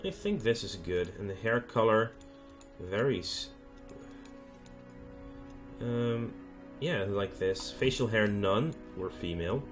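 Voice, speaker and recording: A man hosting a let's play, thinking aloud in casual gameplay commentary with many hesitant fillers. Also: fairly low pitch.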